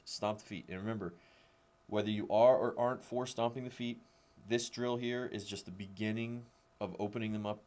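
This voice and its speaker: A man coaching in a casual, conversational way, explaining a drill and repeating short cues. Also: fairly low pitch. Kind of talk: casual spoken coaching tutorial.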